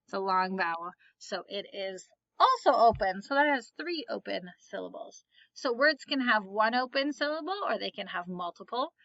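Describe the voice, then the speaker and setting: Bright-voiced woman teaching phonics. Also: mid-range voice, expressive, normal speed, no echo, muffled recording. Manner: patient, asks and answers her own questions. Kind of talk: phonics lesson.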